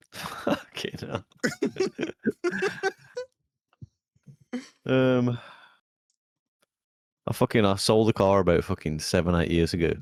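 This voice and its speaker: Deep-voiced young man telling a story. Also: extremely slow, pauses often, dry recording, studio quality. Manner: swears a lot, animated storytelling. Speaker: podcast co-host. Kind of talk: casual chat.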